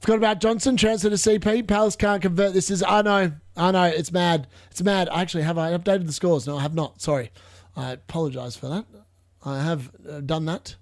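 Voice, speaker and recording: A young man commentating live on football matches for a fantasy football stream, chatting along and bursting into shouts at near misses. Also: sits high, fairly even intonation, fairly quick. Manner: chatty, muttering asides between reactions.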